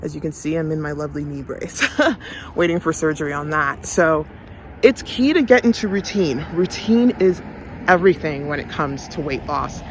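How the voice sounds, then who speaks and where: A woman's voice: low-pitched, moderate pace, slight background noise. A woman chatting casually for her vlog while walking her dog outdoors, a little out of breath, breaking off to talk to the dog. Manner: chatty, talks to her dog between sentences. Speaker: vlogger.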